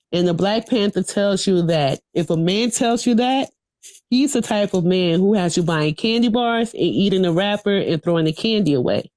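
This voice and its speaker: A woman's voice: medium pitch, expressive, normal speed, a little mellow, dry recording, clean studio sound. A woman reciting a political speech to a class over a video call, in a rhythmic, preachy call-and-response manner. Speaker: political education speaker.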